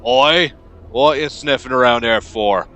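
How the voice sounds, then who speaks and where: Burly angry dock foreman, loud and scolding, read aloud by a man. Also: medium pitch, a little slow. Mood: gruff. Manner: loud, scolding, rough talk.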